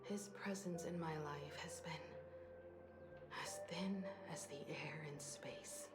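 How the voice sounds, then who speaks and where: Casting: reserved young woman, slow and low, echoey game audio over loud music. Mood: solemn. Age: young adult. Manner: calm, measured, reserved. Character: composed young woman, cool toward her father.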